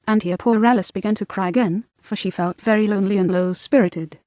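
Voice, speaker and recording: Brief: female audiobook narrator, measured and clear, dry booth. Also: mid-range voice, fairly even intonation, darkish tone, no echo. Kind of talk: scripted narration.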